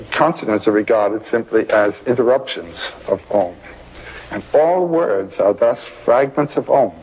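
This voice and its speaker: Slow, husky older man musing. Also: lowish voice, a little mellow, low-quality recording. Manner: slow and musing, intoning vowel sounds. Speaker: interview guest, mythology scholar. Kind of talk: reflective interview talk.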